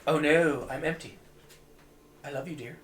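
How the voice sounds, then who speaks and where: A man streaming a video game, rambling and joking with profanity, often coughing and clearing his throat. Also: fairly high pitch, moderate pace, fairly bright tone, roomy sound, a little hiss or hum. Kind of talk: casual gameplay commentary.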